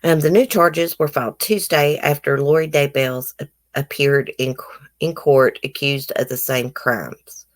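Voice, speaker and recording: A woman hosting a casual livestream, reading news aloud and giving blunt, opinionated commentary to her viewers while nursing a toothache. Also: rumbling low. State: toothache, swollen face. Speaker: livestream host.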